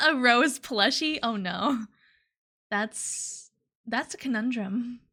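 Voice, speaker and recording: A woman's voice: fairly high pitch, expressive, slow pace, bright, forceful tone. A young woman streaming live, chatting casually and playfully with her chat, giggling and slipping into cutesy baby talk. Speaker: VTuber streamer.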